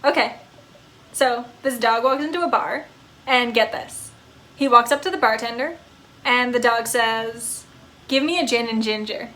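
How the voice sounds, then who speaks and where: A woman voicing an eager, friendly male ghost dog who talks in a loud, bouncy, jokey way. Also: fairly high pitch, measured pace. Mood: joking.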